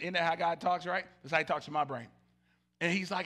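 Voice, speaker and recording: A pastor with a high, gravelly voice preaching a sermon to his church. His tone is bright and sharp, and he swings between loud shouts and low, hushed murmurs. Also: brisk. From Southern United States. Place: church sanctuary.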